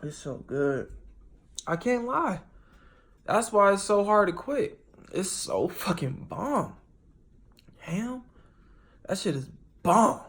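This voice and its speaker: A man in a casual, rambling monologue, talking straight to his viewers, swearing freely and restarting often, with sudden jumps in loudness. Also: high voice, sing-song, takes it slowly, long pauses. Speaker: vlogger.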